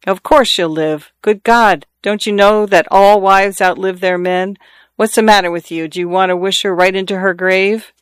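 A man's voice: sits high, fairly even intonation, normal speed, fairly bright tone, smooth, dry recording, clean studio sound. A man reading a jovial older man's lines in an audiobook, hearty and joking as he tells family stories.

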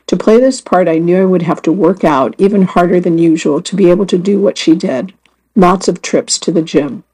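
A woman reading first-person magazine stories aloud as scripted narration, in a measured and earnest way. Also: fairly low pitch, dark tone, husky, poor audio. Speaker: magazine story reader.

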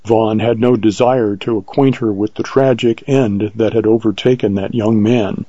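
A man reading an audiobook in scripted narration, calm and even. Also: lowish voice, normal speed, hardly any pauses, breathy edge, no room sound, muffled recording.

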